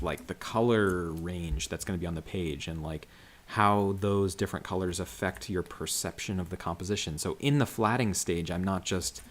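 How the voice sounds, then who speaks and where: A man coloring comics on a livestream, talking casually about his process in a rambling way full of fillers and restarts. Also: sits low. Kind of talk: casual livestream commentary while working.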